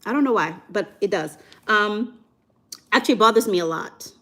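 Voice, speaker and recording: A young adult woman from Nigeria hosting a casual livestream, reading viewer comments aloud and reacting in a chatty, animated way. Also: medium pitch, normal speed. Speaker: livestream host.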